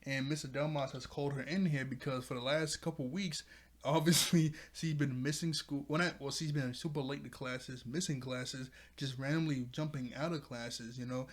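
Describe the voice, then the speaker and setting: A man's voice: mid-range voice, steady tone, moderate pace. A man reviewing a cartoon episode in a casual, rambling video chat, laughing often as he talks.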